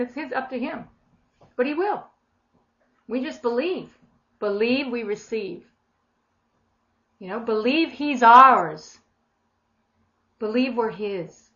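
A middle-aged woman giving an informal sermon, lively and expressive, acting out the voices she quotes. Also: on the high side. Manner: animated, acts out quoted voices with big swings in loudness. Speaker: preacher. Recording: dull lo-fi recording.

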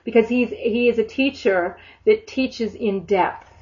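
A woman's voice: a little high, a little slow, darkish tone. A woman preaching a sermon in a fervent, emphatic way, often acting out imagined prayers. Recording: dull lo-fi sound.

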